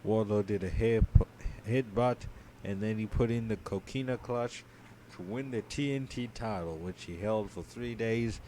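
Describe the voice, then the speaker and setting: A sleepy man co-hosting a podcast, giving a drowsy, low-key play-by-play recap full of ums and uhs. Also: moderate pace, mellow, slight background noise. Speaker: podcast co-host. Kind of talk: casual match recap.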